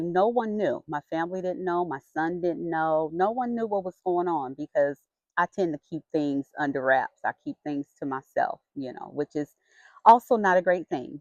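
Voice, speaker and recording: A middle-aged woman vlogger telling a personal story in a frank, chatty and expressive way. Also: on the low side, no room sound. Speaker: vlogger sharing her health story. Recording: dull lo-fi sound.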